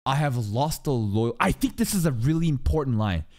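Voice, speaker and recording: A young man streaming an anime reaction, talking casually and excitably, swearing often and mock-quoting the characters. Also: medium pitch, normal speed.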